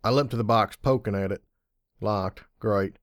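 A man reading fan fiction aloud in an audiobook style, measured and wry. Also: on the low side, dry recording, clean studio sound. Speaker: audiobook reader.

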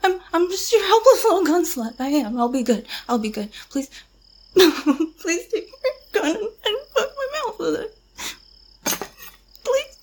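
Woman doing a scared young woman begging at gunpoint, high voice, stammery, whispery then teary. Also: very animated, moderate pace, a little mellow. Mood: pleading, tearful.

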